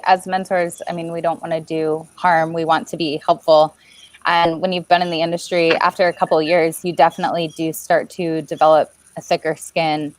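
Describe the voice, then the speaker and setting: Low-voiced woman moderating a webinar. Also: no echo, poor audio. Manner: affirming, measured, reads out questions. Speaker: webinar host. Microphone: video call.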